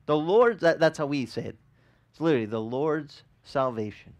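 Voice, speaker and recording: A man, a pastor, giving a conversational sermon, animated and quizzing the congregation, often repeating words as he restarts. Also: fairly high pitch, moderate pace. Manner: animated, asks the congregation questions.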